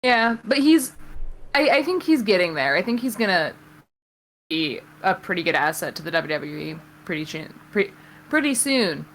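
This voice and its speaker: A woman co-host talks through a wrestling match blow by blow in relaxed podcast chat. Her voice is bright and forward, and she fills pauses with ums as she goes. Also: lowish voice, slight background noise, rough recording. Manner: play-by-play retelling with many ums. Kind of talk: casual podcast chat, recapping a wrestling show.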